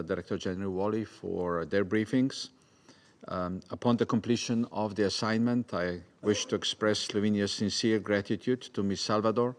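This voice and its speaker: A man delivering a formal address as a council delegate, with some hesitations. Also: deep voice.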